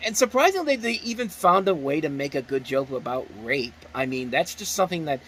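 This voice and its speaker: A man's voice: on the high side, very animated, a little fast, fairly bright tone, slight background noise, rough recording. A man giving a casual spoken movie review, enthusiastic and rambling, often restarting his sentences.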